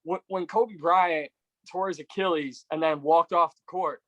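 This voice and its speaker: A man's voice: fairly high pitch, fairly even intonation, a bit bright, no room sound, muffled recording. A man hosting a podcast interview, talking conversationally, telling stories and agreeing readily with his guest. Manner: conversational, storytelling, quick to agree. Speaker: podcast host.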